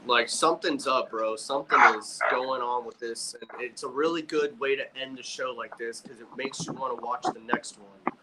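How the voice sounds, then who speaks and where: A man's voice: mid-range voice, fairly even intonation, moderate pace, a loud crowd, low-quality recording. A man co-hosting a wrestling podcast, chatting casually and often calling his co-host bro or man. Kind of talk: casual chat about wrestling.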